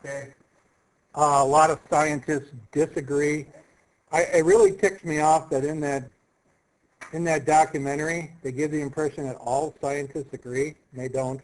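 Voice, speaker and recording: A man's voice: fairly high pitch, fairly even intonation, moderate pace, a little hiss or hum. Man lecturing in an echoey room. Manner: conversational, sarcastic asides, checks if listeners follow. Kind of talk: classroom lecture with slides.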